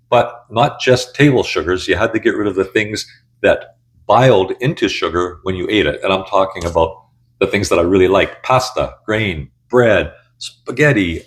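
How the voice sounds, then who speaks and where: Blunt, low-voiced man in his sixties. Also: lively intonation, moderate pace. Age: 60s. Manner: candid, blunt, conversational. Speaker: channel host. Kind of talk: casual personal storytelling.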